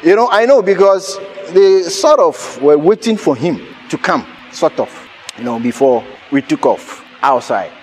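A man preaching a sermon, telling a personal story with animated laughter and sudden shouted lines. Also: on the high side, unhurried, a little hiss or hum.

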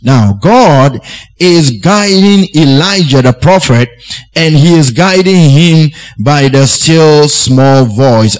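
Man, preacher, sermon, slow pace, higher voice, repeats points for emphasis. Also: rough recording.

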